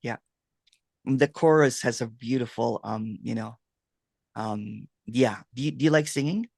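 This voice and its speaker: A man's voice: mid-range voice, measured pace, gravelly, dry recording. Laughing man on a dry video call. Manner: laughs a lot, animated storytelling. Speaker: host, non-duality guide. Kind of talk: casual video-call chat.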